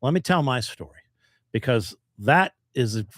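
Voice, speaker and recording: A man's voice: moderate pace, no room sound, studio quality. A man co-hosting a podcast in casual chat, telling a bar story and acting out the quotes with big jumps in voice. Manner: animated, acts out quotes with big jumps up in pitch. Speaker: podcast co-host.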